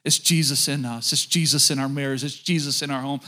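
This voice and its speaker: A man's voice: medium pitch, fairly even intonation, a little fast, pushed and bright. A middle-aged man preaching a sermon as pastor, talking straight to his congregation and often asking them questions.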